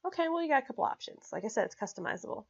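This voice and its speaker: Energetic woman teaching money basics, lo-fi. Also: high voice, rapid-fire, gravelly, slightly rough. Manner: energetic, frequent "okay?" check-ins, blunt and emphatic. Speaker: personal finance teacher. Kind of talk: casual explanatory talk to camera.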